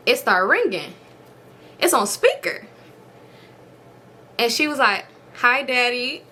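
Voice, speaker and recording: A young woman telling a storytime to her viewers, animated and blunt, acting out quoted dialogue in a raised voice. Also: fairly high pitch, slow pace, a little hiss or hum. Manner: blunt and profane, slangy. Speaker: storytime vlogger.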